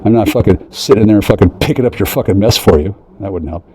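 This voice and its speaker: A man talking straight to his listeners in a profane, agitated, rambling rant that jumps from one idea to the next and mocks other people in high voices. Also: quick pace, darkish tone, breathy edge, no room sound, low-quality recording. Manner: profane, agitated, conspiratorial, jumps between ideas; mocking quoted voices in a high pitch.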